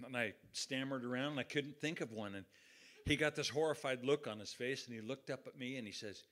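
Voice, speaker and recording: A man's voice: mid-range voice, fast talker, bright, forceful tone. A middle-aged man preaching a sermon in a folksy, conversational storytelling way. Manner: folksy, conversational, acts out quotes. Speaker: pastor.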